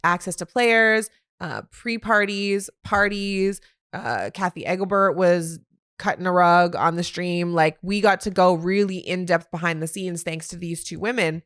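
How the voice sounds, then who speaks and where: A woman hosting a solo sports podcast, talking in an animated, opinionated way with quick asides. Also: on the low side, clean tone. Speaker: podcast host.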